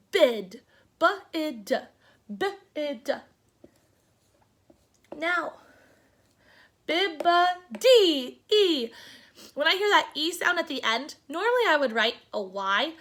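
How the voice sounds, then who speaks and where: A young woman teacher giving a phonics lesson to children, sounding words out slowly part by part and encouraging them. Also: high voice, fairly bright tone. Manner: slow, sounding out word parts, encouraging.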